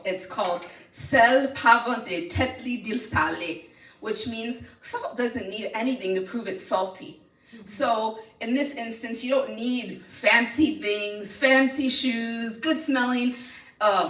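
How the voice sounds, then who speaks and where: A woman storyteller performs a tale live before an audience, sounding animated and playful with a slightly high voice. She is picked up by a distant mic in a hall.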